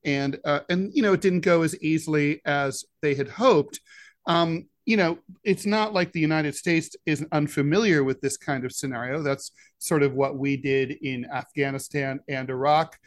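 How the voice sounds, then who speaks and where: A man co-hosting a political podcast, his voice sitting a little higher than most men's. He talks in a halting way and fills his pauses with "uh". The sound is close and dry, with no room around it. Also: no room sound. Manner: halting delivery with many "uh" fillers. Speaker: podcast co-host, editorial cartoonist.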